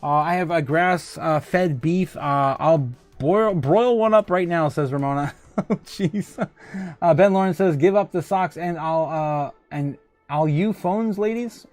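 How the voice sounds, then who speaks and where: A man's voice: on the high side, a little slow, darkish tone, no room sound, soft background music. A man hosting a casual livestream who reads out viewer comments, rambling and joking and laughing often. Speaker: livestream host.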